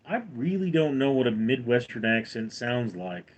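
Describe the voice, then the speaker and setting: A middle-aged man with a General American accent hosting a casual livestream, reading out chat comments and answering them at a measured pace. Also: mid-range voice, very animated, lo-fi sound. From United States. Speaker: livestream host.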